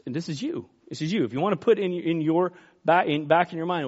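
Guy preaching, high voice, folksy and emphatic, muffled lo-fi sound. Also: fast, darkish tone. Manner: folksy, emphatic preaching with acted Bible quotes. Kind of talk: sermon. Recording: dull lo-fi recording.

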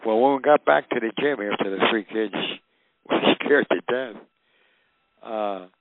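Older man, gravelly voice, animated storyteller, acts out quotes, tinny radio phone line. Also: lowish voice, a little slow, no room sound. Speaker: guest storyteller. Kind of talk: recounting anecdotes.

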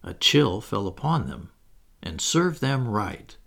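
A man narrates a children's story for an audiobook, scripted and dotted with wry asides to the listener. His voice is on the low side, gravelly and a bit bright, with big pitch swings and a slow pace.

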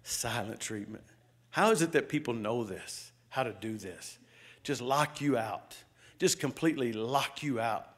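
Speaking a little slowly in an expressive, mid-range voice, a middle-aged pastor gives a sermon full of stories and questions to his congregation. He shifts from loud outbursts to quiet asides.

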